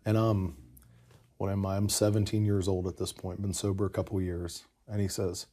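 A man's voice: low-pitched, little pitch movement, moderate pace, mellow, breathy edge. A man in casual conversation, earnestly telling a personal story with lots of "you know" asides. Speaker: podcast guest telling his conversion story.

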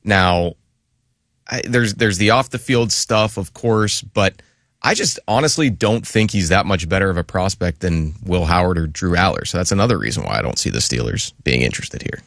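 Low-voiced man co-hosting sports talk. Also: normal speed, vocal fry, no echo, studio quality. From western Pennsylvania. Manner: relaxed, opinionated, often says "like" and "I mean". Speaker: sports talk show co-host. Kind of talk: casual sports chat.

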